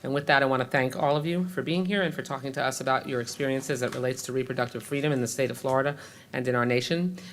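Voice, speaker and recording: A man's voice: medium pitch, steady tone, a bit bright. Man formally reading out introductions. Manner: measured, with hesitant fillers when ad-libbing. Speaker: hearing moderator.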